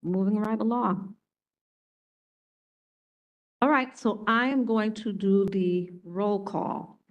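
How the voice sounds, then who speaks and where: A woman with a New York accent chairing a public board meeting, reading out a roll call slowly and deliberately. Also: medium pitch, steady tone, dull audio. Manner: slow, deliberate name-reading.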